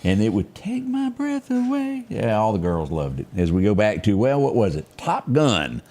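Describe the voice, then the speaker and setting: A man's voice: fairly low pitch, animated, moderate pace, mellow. A man in his fifties hosting a casual chat show, talking in a joking, folksy way. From Mississippi. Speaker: host.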